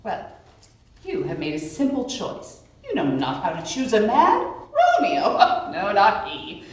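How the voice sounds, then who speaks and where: A woman's voice: mid-range voice, huge pitch swings, a little slow. A woman playing a fussy, teasing old nurse. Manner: chatty, teasing, complaining. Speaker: stage actor. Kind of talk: live outdoor Shakespeare performance. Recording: echoey, distant camera mic, faint noise.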